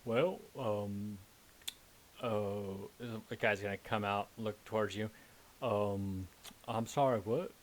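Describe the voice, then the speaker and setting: A man narrating as game master of a tabletop game, relaxed and halting with fillers. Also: lowish voice, a little hiss or hum.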